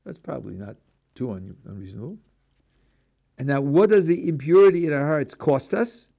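A man's voice: normal speed, gravelly. An older man, a rabbi, giving a Torah lecture and acting out the speakers in his examples, sprinkled with Hebrew religious terms. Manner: animated, acts out a speaker's voice, rising and dropping pitch. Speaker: rabbi teaching a class.

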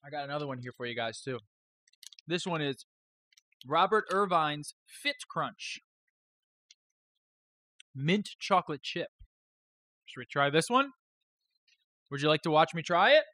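A man's voice: on the high side, lively intonation, measured pace, pauses often, pushed and bright, no room sound. A man hosting a live stream, chatting casually in a rambling, joking way with some swearing.

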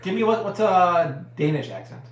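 A man's voice: high voice, lively intonation, normal speed, reverberant. A man hosting a live cooking stream, chatting casually and answering viewer questions with slangy, emphatic energy. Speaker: cooking show host.

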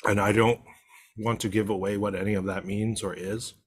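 Relaxed low-voiced Canadian man chatting. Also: moderate pace, slightly rough. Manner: relaxed, chatty, eating while talking. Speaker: podcast co-host. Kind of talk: casual chat.

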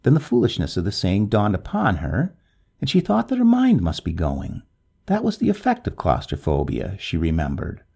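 A man narrating a classic tale in an expressive, swooping storybook delivery. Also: on the low side, normal speed, creaky, breathy edge.

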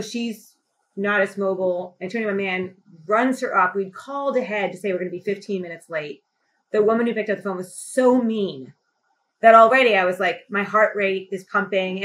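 A middle-aged woman telling a personal story as a podcast guest. She speaks with emphatic, animated passion, and her voice rises sharply when she grows indignant. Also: medium pitch. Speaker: podcast guest, company CEO. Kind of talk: impassioned conversational storytelling.

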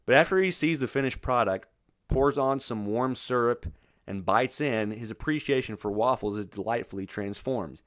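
A man narrating a scripted Bible study in a measured, methodical way. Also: mid-range voice, no room sound, studio quality.

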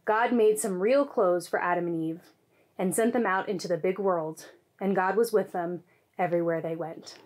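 Lady doing the kids' bible story at church, lively storyteller. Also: on the low side, moderate pace. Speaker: children's message leader.

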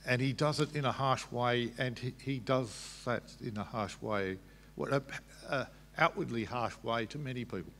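A man's voice: mid-range voice, moderate pace, fairly bright tone, a little hiss or hum. A man at a public debate, explaining scripture patiently, with frequent restarts. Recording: long hall reverb.

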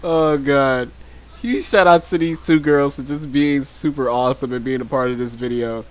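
A young man doing gameplay commentary as a YouTuber, joking and teasing, often breaking into laughter. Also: moderate pace. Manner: laughs often, shrieks high when chased; joking, teasing trash talk. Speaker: gaming YouTuber.

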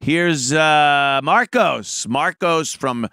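A man hosting a call-in radio show, talking in a profane, animated, mocking way. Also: fairly high pitch, extremely slow, no room sound, clean studio sound. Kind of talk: casual call-in talk.

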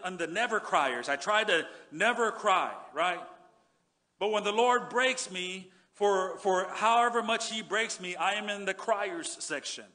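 Man preaching, high voice, bright tone, earnest, repeats words, drops soft on scripture. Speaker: pastor. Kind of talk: sermon. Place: church sanctuary.

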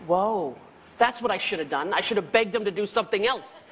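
A woman hosting a television talk show, asking questions conversationally and reacting quickly to her guest. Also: medium pitch, animated, noisy background. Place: television studio.

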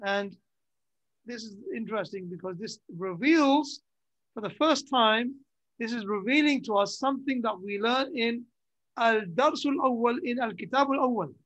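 A grammar teacher explains patiently in a mid-pitched voice, stopping often to check that the class follows. The lo-fi recording sounds dull and muffled, with a dry, close feel and no room echo. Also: moderate pace, a bit bright. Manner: repeats terms and checks understanding with short questions. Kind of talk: classroom lesson.

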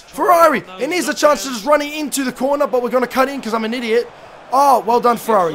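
A young man with a hoarse voice, giving excitable, sweary gameplay commentary as a gaming YouTuber. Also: extremely high pitch, fast, a little hiss or hum. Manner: excitable, swearing, bursts into shouts.

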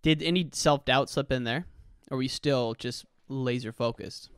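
Male podcast host, easygoing, mid-pitched, smooth clear voice, dry close mic. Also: moderate pace, no room sound. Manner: laid-back, calls the guest "dude". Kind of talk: casual interview chat.

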